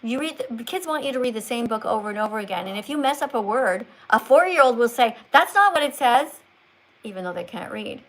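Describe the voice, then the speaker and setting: A woman hosting a livestream, coaching a caller to read aloud slowly, in a coaxing, teacherly way as if talking to a child. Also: on the high side, animated, low-quality recording. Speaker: livestream host.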